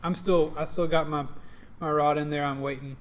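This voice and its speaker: A man playing a tabletop game in casual talk, playful and quick to laugh. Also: fairly high pitch, steady tone, a little hiss or hum. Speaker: player.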